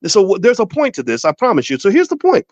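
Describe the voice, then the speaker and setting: A man's voice: high voice, huge pitch swings, fast, a little mellow, no room sound. Emphatic man on a dull, dry recording. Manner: emphatic, repetitive restarts, storytelling with exaggerated voices. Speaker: finance educator and show host. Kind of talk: casual direct-to-camera commentary.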